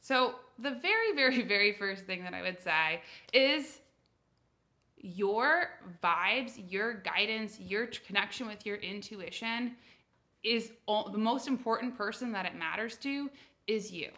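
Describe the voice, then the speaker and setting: Young woman from the US, intuition coach, casual chatty vlog delivery, bright voice, animated storyteller. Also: mid-range voice, measured pace. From United States. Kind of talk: casual talk to camera.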